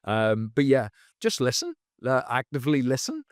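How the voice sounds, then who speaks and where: Lively, animated male comedian. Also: medium pitch, normal speed, no room sound, studio quality. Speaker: comedian guest. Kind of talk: casual comedy podcast chat.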